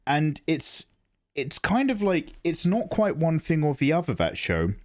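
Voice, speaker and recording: A man streaming live art who chats casually with viewers in a rambling, animated way and often laughs. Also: fairly high pitch, measured pace. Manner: animated, rambling, laughs into his own impressions. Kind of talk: casual livestream chat.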